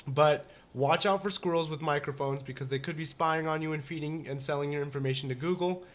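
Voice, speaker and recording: A man's voice: fairly high pitch, a little fast. A man co-hosting a casual talk show, rambling and joking with many restarts and fillers. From United States. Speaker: podcast co-host. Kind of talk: casual chat.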